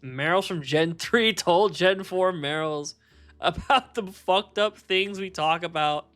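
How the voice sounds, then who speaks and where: A man live-streaming from a warm room at home, rambling and swearing casually and laughing at his own jokes. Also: high voice, slow, soft background music. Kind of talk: casual live-stream chat while shiny hunting.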